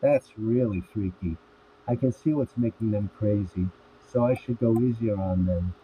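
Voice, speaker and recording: A man reading the lines of a worried, frank teenage girl in a plain, even voice. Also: lowish voice, normal speed, natural voice. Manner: reads each line in a plain, even voice. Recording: tinny phone-like audio with faint hiss.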